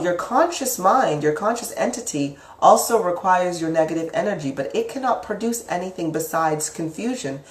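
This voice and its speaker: A woman giving a casual spoken lesson on the mind, chatty and lively, acting out inner voices with sudden leaps up in pitch. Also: far from the mic. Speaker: psychic teacher. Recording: echoey room, speaker away from the mic.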